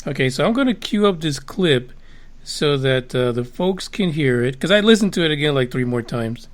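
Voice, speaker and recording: A man's voice: a little high, animated, normal speed. A man hosting a casual interview podcast, asking rambling questions with many fillers and restarts. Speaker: podcast host.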